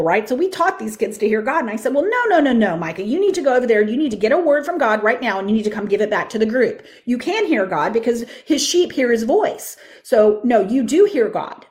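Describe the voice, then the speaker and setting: Animated woman telling a testimony. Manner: animated, acts out quoted voices with big pitch jumps. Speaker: minister sharing a testimony. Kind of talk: sermon-style testimony storytelling.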